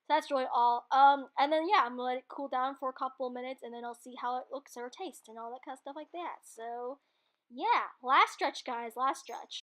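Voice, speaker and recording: A woman's voice: sits high, fairly even intonation, fast, few pauses. A woman giving a chatty, self-deprecating, rambling voice-over for her own cooking video, laughing often, recorded at home on a computer microphone. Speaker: cooking vlogger.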